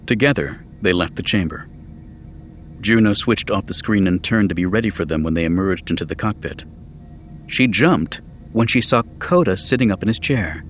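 A man reading an audiobook in scripted narration, measured and even. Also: on the low side, slight background noise.

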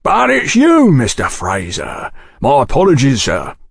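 A man doing a gruff fat rat-pit landlord. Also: mid-range voice, wildly swooping pitch, a little slow, no echo, studio quality, pitched above the performer's own voice, full character voice. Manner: blunt, rough-spoken.

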